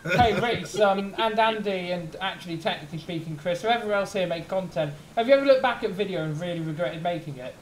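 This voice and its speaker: A man's voice: high voice, fairly quick, roomy sound, slight background noise, rough recording. A man hosting a live stream, chatting casually with friends, swearing and trailing off as he searches for words.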